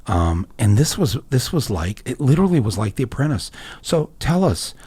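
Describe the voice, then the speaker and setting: A man's voice: medium pitch, very animated, moderate pace, mellow, breathy edge. A man in his sixties hosting a podcast, telling stories in a rambling casual way with many restarts and jokey asides. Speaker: podcast host. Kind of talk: casual conversation.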